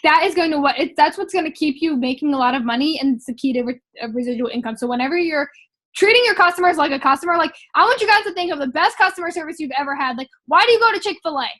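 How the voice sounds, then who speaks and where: Chatty high-voiced young woman. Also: animated, quick pace, fairly bright tone. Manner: chatty and emphatic, heavy use of "like" and "um". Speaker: vlogger sharing sales training notes. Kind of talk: casual motivational vlog.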